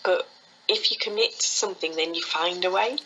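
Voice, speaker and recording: A woman, a foot reading teacher telling stories quickly and with animation as a guest in an interview, often laughing. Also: on the low side, bright, forceful tone, slight background noise, low-quality recording. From England. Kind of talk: conversational storytelling interview.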